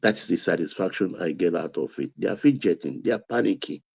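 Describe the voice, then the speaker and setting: Deep-voiced Nigerian man, emphatic. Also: animated, fairly quick, creaky, darkish tone, no room sound. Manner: emphatic, building to raised intensity. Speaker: political commentator. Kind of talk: political commentary.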